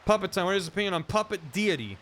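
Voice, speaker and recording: A man's voice: high-pitched, animated, racing, a bit bright, a little hiss or hum. A man streaming a video game, rambling and joking about what happens on screen. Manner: rambling and jokey, riffing on the game. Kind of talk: casual gameplay commentary.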